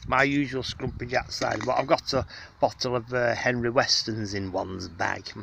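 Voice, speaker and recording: A man's voice: mid-range voice, steady tone, moderate pace, gravelly, pushed and bright, a little hiss or hum. A man rambling in an affected, genteel way with many fillers, chatting outdoors to the person filming him. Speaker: vlogger. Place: outdoors in the countryside on a hot day.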